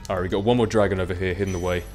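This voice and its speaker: Young guy as a let's play commentator, chatty and rambling, lowish voice, faint game music behind. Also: fairly even intonation, racing, a little mellow. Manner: chatty, rambling, self-mocking. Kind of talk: casual gameplay commentary.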